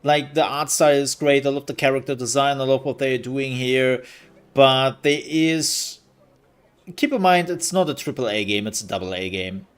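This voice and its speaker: A man's voice: mid-range voice, moderate pace, clear, resonant tone. A man streaming live, giving casual commentary on game demos in a rambling, candid way with hesitant fillers.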